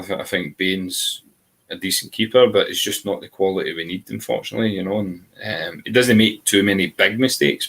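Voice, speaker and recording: A man co-hosting a casual football chat, relaxed and peppering his talk with "kinda" and "you know". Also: deep voice, gravelly, slightly rough, poor audio. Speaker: podcast co-host.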